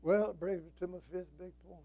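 A man's voice: high-pitched, steady tone, a little fast, gravelly, dark tone, poor audio. An older man preaching a sermon as a pastor, folksy and emphatic, quoting scripture and telling stories.

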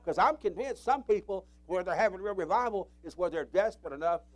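Male preacher, high-pitched voice, impassioned sermon, loud cries and hushed asides. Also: lively intonation, a little fast. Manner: impassioned, swings from loud cries to low murmurs.

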